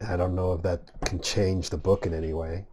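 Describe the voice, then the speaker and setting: A man taking part as a player in a tabletop game, with a voice lower than most men's. He stammers and restarts as he works through his thoughts. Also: level tone, mellow. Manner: halting, stammering. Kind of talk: casual tabletop play.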